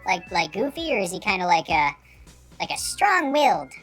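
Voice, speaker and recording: Squeaky voice-changed streamer, a man behind it. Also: sing-song, normal speed, a bit bright, faint music behind, heavily acted. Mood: goofy. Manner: goofy, trying out silly impressions. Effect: pitch-raising voice changer.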